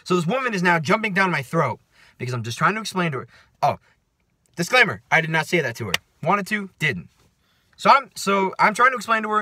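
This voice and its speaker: A man's voice: high voice, very animated, brisk, sharp tone, no room sound. A man telling a story in a casual vlog rant, profane and sarcastic. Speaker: vlogger.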